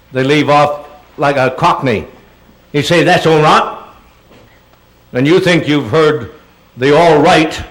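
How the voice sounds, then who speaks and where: A man's voice: medium pitch, poor audio. An older man speaking as a guest at a question-and-answer session, rambling and playful with theatrical touches. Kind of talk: Q&A talk to an audience. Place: auditorium.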